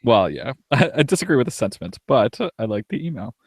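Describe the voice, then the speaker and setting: A man's voice: medium pitch, big pitch swings, fast, no room sound, clean studio sound. A young man co-hosting a casual live podcast, reading listener emails aloud, laughing often and swearing casually.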